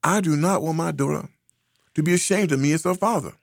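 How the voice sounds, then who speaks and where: A man's voice: fairly high pitch, fairly quick, vocal fry, no room sound, clean studio sound. A man from the United States giving a preachy, emphatic commentary monologue, repeating phrases for effect. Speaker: social commentator.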